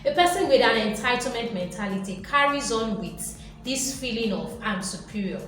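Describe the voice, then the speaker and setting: A woman giving an animated motivational talk who lectures her viewers and acts out little voices. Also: a little high, normal speed. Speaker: motivational vlogger. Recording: very echoey room, faint music behind.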